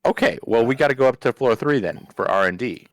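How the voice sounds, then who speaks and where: A man's voice: medium pitch, lively intonation, fast, no echo. A man playing in a tabletop game, talking in rambling bursts padded with fillers. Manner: rambling, full of "like". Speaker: player.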